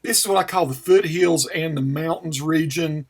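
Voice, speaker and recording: Male vlogger with a Western North Carolina mountain accent, slightly hoarse, casual and meandering, with a voice pitched a bit high. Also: moderate pace. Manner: folksy and rambling, often clears throat. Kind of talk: casual talk answering a viewer question.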